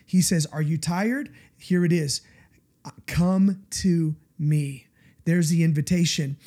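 Warm, husky-voiced preaching man. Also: on the high side. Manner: earnest, confessional, emphatic, often asks listeners "right?". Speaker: pastor. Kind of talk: conversational sermon.

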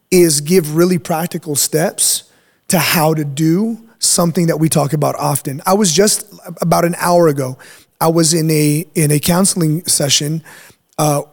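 A man's voice: on the high side, darkish tone. A man hosting a faith podcast as pastor, talking in an emphatic, preachy way and checking in with "right?" as he explains. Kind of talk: casual chat.

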